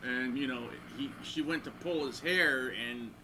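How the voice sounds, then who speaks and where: A man's voice: medium pitch, unhurried, noisy background. A man telling a crude, rambling anecdote, acting out the voices of people in his stories. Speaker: guitarist and channel host. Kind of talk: rambling anecdote between guitar playing.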